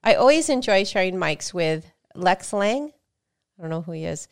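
A middle-aged woman chatting on a gaming podcast, with a smooth and clear voice that sits a little low. She tells stories by acting out both sides of a conversation. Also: lively intonation, moderate pace. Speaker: podcast co-host. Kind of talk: casual chat.

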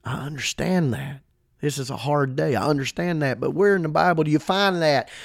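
A man preaching with fervor, driving his points home through repetition. His voice has a gravelly rasp, and the recording sounds close and dry. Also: a little high, brisk, dry recording. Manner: emphatic, fervent, repeats for emphasis. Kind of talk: podcast sermon.

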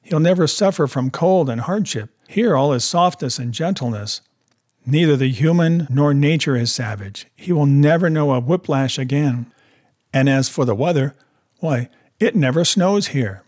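A man doing a gentle young wife, pleading and heartfelt, her voice lifted high and a little husky, storybook style, sounding on the edge of tears over her dog. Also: lively intonation, moderate pace, no room sound, studio quality. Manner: pleading, emotional.

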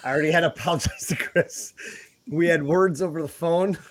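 Guy cohosting a podcast, swears a ton, gets worked up telling stories, kinda high voice. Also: fairly quick. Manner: profane, animated storytelling. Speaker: podcast co-host. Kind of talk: casual crude banter. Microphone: remote call setup.

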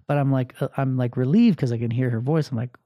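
A man's voice: mid-range voice, quick pace, dry recording, dull audio. A man in his thirties, casually telling a personal story with lots of fillers and acted-out voices. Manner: animated, acts out voices, many fillers. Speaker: podcast host telling a story.

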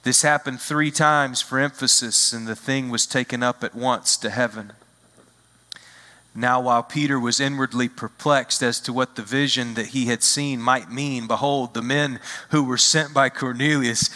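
A man preaching a sermon as a visiting pastor, expressive, acting out quoted lines and slowing down to stress key phrases. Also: mid-range voice, in a large hall.

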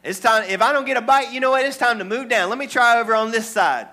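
A man's voice: very high-pitched, quick pace, bright, forceful tone. A male pastor preaching a sermon to a congregation in church, calling for amens and asking the room questions. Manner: call-and-response preaching to a congregation.

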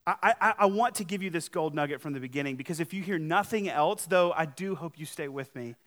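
A man preaching as pastor speaks briskly in a voice on the high side. Talking to his congregation, he is conversational and emphatic, letting his loudness swing widely.

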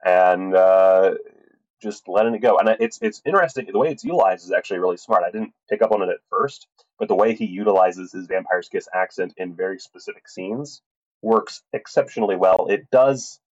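A man with a very low voice talks through a film review in a loose, rambling way. He swears freely and trips over his own sentences with fillers and restarts. The sound is muffled and lo-fi. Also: fairly quick. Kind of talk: casual film review talk.

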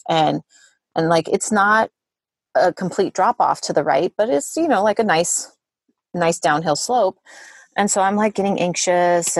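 A woman's voice: lowish voice, darkish tone, no room sound. A woman in her thirties, a therapist and mother, telling a story in a casual interview, chatty and full of "like" fillers. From Southern California. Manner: chatty, many "like" fillers, acts out quotes. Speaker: guest therapist and parent.

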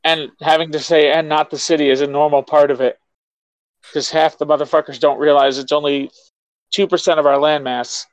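A man hosts a casual podcast chat, his voice pitched a little high. He teases his guest and swears freely, and the recording sounds dry and close. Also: flat delivery, a little fast, clean tone, no room sound, poor audio. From New York State, USA. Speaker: podcast host.

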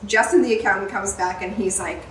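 Woman host, lively salty storyteller, roomy sound, slightly off-mic with faint background. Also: mid-range voice, a little fast, distant mic, a little hiss or hum. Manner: animated, swearing, laughing storyteller. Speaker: podcast host, salon owner. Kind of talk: casual storytelling chat.

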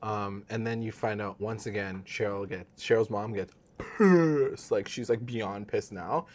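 A woman's voice: very deep voice, a little slow, darkish tone, a little hiss or hum. A woman chatting casually about a TV episode, acting out the characters' lines and laughing often. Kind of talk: casual chat recapping a TV episode.

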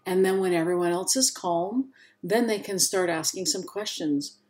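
A woman's voice: on the low side, normal speed, a little mellow. A woman hosting a solo parenting talk, speaking earnestly and encouragingly straight to her listeners. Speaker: parenting podcast host.

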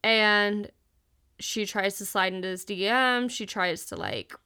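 A woman's voice: medium pitch, a little slow, pushed and bright, smooth. A young woman hosting a podcast, telling a personal story in a candid, chatty way and swearing freely. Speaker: podcast host. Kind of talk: casual confessional storytelling.

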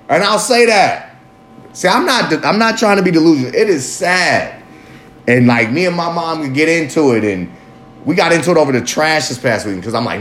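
A man in a casual personal monologue, candid and rambling, swearing freely and jumping up in pitch for emphasis. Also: very animated, normal speed, a bit bright. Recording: echoey room with faint ambient noise.

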